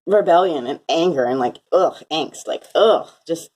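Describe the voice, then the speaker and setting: A young woman telling a rambling story in a casual vlog, full of "like" fillers and quick laughing asides. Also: deep voice, lively intonation, darkish tone. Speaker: vlogger. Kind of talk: casual chat, recounting a dream. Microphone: phone.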